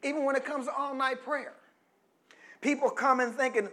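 With a very high-pitched voice and flat delivery, a middle-aged preacher speaks at normal speed and pauses often. He gets the congregation to complete his phrases and shifts back and forth from quiet teaching to loud, emphatic preaching.

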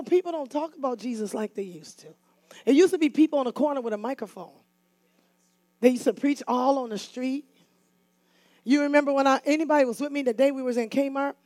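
A woman minister preaching a sermon, swinging between shouted exhortation to the congregation and casual storytelling. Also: high voice, no echo.

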